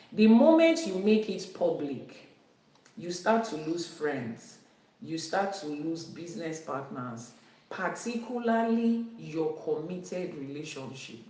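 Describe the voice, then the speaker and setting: A woman's voice: low voice, darkish tone. A woman teaching about Ifa spirituality in an emphatic way, repeating her key phrases. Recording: very echoey room, voice from a distance.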